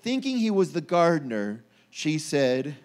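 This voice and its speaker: High-voiced animated male preacher. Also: a little slow. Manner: animated, acts out quoted voices with rising pitch. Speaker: pastor. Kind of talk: sermon. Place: church.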